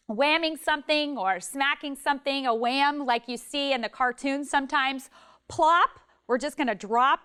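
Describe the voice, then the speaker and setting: A woman's voice: high voice, a bit bright. A woman teaching a children's music and movement lesson, upbeat and demonstrating motions as she talks.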